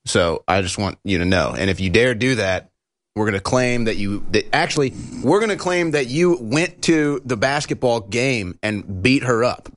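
A man's voice: mid-range voice, lively intonation, normal speed. A man on a talk-show panel who jumps in with sarcastic remarks.

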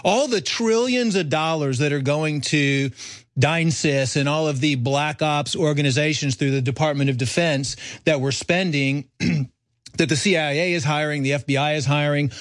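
Male radio guest, slightly high voice, earnest lecturing tone, dry sound. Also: normal speed, dry recording. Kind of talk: talk radio discussion.

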